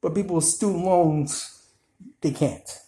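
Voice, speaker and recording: A man's voice: on the high side, a little slow, mellow, echoey room, low-quality recording. A man with a New York Italian accent, ranting to viewers in blunt, scolding commentary. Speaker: video commentator.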